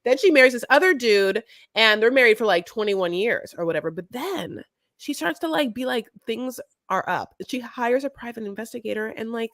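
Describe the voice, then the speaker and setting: A woman's voice: a little high, moderate pace, no room sound. A young woman recapping a reality show in casual, gossipy chat, calling people "honey". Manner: animated, gossipy, fond of "honey". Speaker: podcast co-host.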